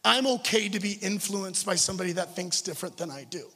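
A man's voice: sits high, a little fast, sharp tone. A man, a pastor, preaching a sermon in a church in an earnest, conversational way, often stumbling over his words. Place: church hall. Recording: long hall reverb with music.

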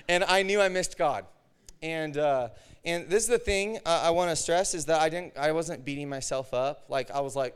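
A male preacher with a fairly high, smooth and resonant voice tells a personal story in a sermon. He talks casually and acts out the dialogue with lively energy. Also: moderate pace. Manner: animated storytelling, acts out his own and God's words.

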